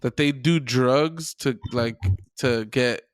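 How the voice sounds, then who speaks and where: A man co-hosting a podcast, chatting in an animated way with lots of "like" fillers and easy laughter. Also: mid-range voice, very slow, no echo, clean studio sound. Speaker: podcast co-host. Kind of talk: casual chat.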